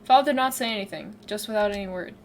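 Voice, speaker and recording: A woman's voice: medium pitch, quick pace, a little hiss or hum. A woman streamer reading a game aloud, giggly, chatty, and self-mocking.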